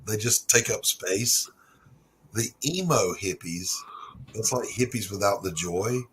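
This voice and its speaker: A man's voice: on the low side, unhurried, a bit bright, a little hiss or hum, rough recording. A middle-aged man hosting a casual stream chat, telling stories loosely and swearing freely. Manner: laid-back storyteller, swearing freely. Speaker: stream host.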